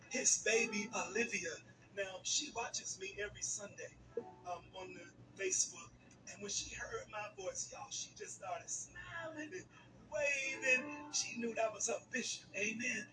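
A man leading a church service, shouting repeated calls for praise before introducing a guest preacher. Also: high-pitched. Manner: call-and-response shouting, repetitive exhortation. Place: church sanctuary. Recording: church service filmed from far, music behind. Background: organ music.

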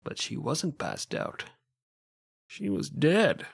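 A man with a fairly high voice narrates a true crime tale in a loose, joking way, dropping curses and laughing along. The sound is dry and close, with no room around it. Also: huge pitch swings, slow, vocal fry, slightly rough, dry recording. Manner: profane, joking, laughs often. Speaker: podcast co-host telling a true crime story. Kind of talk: casual storytelling with jokes.

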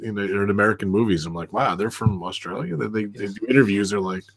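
A man's voice: on the low side, quick pace, vocal fry, breathy edge. Upbeat male host, casual, keeps the talk going. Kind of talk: casual chat.

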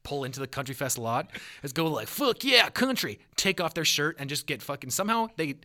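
A young man co-hosts a podcast in a laid-back, joking way. He peppers his talk with fillers and swearing. His voice is bright and sharp, at a middling pitch. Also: fast talker. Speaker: podcast co-host. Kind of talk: casual chat.

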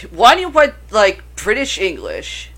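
A woman's voice: medium pitch, wildly swooping pitch, a little slow, fairly bright tone. A woman co-hosting a casual chat about horror films, rambling and swearing freely. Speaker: podcast co-host.

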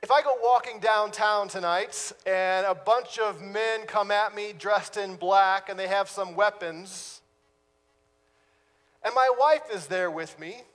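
A man, a pastor, preaching a sermon with dramatic pauses and sudden drops to a hush. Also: high voice, long reverb tail.

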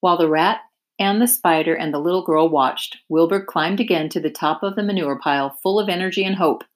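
A woman teacher reading a children's chapter book aloud with clear, expressive narration. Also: fairly low pitch, a little fast. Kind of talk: storybook read-aloud.

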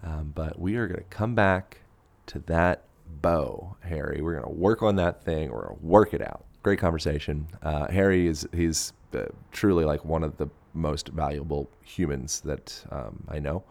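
A man's voice: extremely low pitch, a little slow, vocal fry, a little mellow, no room sound. A man hosting his podcast, giving a casual, rambling introduction with fillers and self-mocking asides. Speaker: podcast host.

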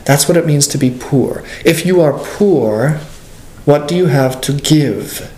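A man, a pastor, teaching a class in an animated way and asking the class questions. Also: on the high side, a little slow, reverberant. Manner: animated, plays out dialogues, asks the class questions.

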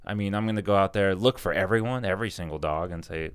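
A man's voice: deep voice, fast, clean tone. A man on a podcast as a loan officer guest, chatting casually and teasing the others. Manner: joking, teasing banter.

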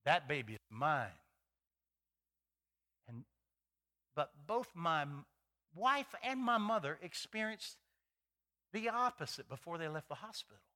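A man's voice: on the high side, a little slow, pauses often. A middle-aged male pastor preaching a sermon in a folksy, storytelling way, acting out the people in his stories. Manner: animated, acts out voices in his stories; folksy, many fillers and restarts.

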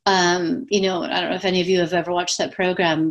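A woman's voice: on the low side, flat delivery, fast, hardly any pauses. Woman, speaking coach, chatty, filler words, demonstrates voices, webcam at home. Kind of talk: casual talk to camera. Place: at home with pets.

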